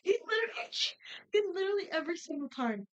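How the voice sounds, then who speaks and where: A young woman co-hosting a podcast, telling work stories in animated quick bursts. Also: very high-pitched. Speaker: podcast co-host. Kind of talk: casual chat. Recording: muffled lo-fi audio.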